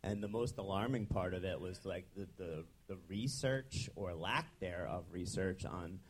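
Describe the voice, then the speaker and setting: A man's voice: deep voice, moderate pace, breathy edge. A young adult man, a chiropractor, telling his story in a casual interview with frequent ums and restarts. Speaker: chiropractor guest. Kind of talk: conversational interview.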